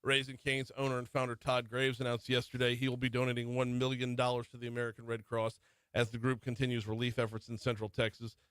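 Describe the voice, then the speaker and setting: A man's voice: medium pitch, monotone, quick pace, a bit bright, clean tone, no echo. A middle-aged man hosting a morning talk radio show, running through the news with chatty asides. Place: radio studio. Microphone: studio microphone.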